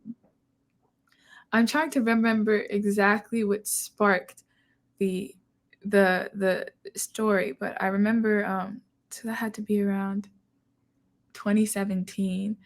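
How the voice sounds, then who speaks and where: Flat, thoughtful young woman singer. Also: medium pitch, slow pace, long pauses. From Ohio, USA. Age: young adult. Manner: thoughtful, hesitant, searching for words. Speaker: singer-songwriter guest. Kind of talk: interview answers.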